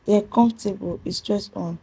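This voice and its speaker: A woman, teaching a pronunciation lesson and spelling out letters as she repeats each rule slowly. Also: medium pitch, fairly even intonation, gravelly, dark tone, a little hiss or hum, low-quality recording. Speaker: English teacher.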